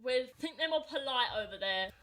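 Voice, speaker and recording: Bright giggly teen girl with a Cockney accent. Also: high voice, expressive, a little fast. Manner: giggly, short replies. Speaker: podcast co-host. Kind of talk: casual podcast chat.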